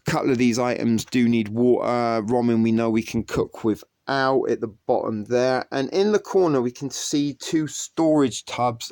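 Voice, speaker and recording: A man's voice: medium pitch, a little mellow, dry recording. A man giving a casual tour of his food stores, rambling and joking with many ums, speaking English as a second language. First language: not English. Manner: rambling, jokey, with frequent ums. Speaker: vlogger. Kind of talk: casual home pantry tour.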